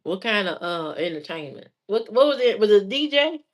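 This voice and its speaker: A woman's voice: mid-range voice, sing-song, fairly quick. An adult woman telling stories in a casual, chatty way, laughing often as she goes. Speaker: vlogger. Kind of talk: casual storytelling.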